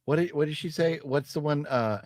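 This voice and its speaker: A man's voice: fairly high pitch, fairly quick, darkish tone, no echo, studio quality. A man hosting a casual podcast stream, tipsy from drinking, rambling and joking as he reads out viewer comments. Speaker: podcast host. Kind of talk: casual livestream chat.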